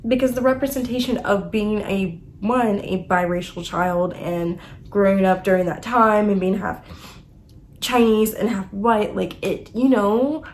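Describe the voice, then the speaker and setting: A young woman casually reviewing books, emotional and animated, full of fillers like "like" and "you know.". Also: medium pitch, a little slow, slight background noise. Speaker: book reviewer. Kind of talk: casual book review chat.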